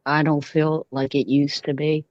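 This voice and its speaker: A woman's voice: deep voice, flat delivery, a little slow, no echo, muffled recording. A woman calling in as a guest, talking in an easygoing way. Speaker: guest caller.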